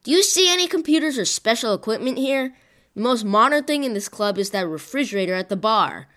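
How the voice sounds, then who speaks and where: A woman voicing a blunt, gruff male jazz band leader who scolds in an exasperated way. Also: medium pitch, very animated, moderate pace, pitched above the performer's own voice, natural voice.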